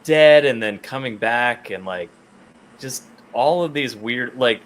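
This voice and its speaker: A man co-hosting a casual podcast, excitedly talking through a comic book, swearing often and reading lines aloud. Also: mid-range voice, slow pace, a little hiss or hum. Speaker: podcast co-host.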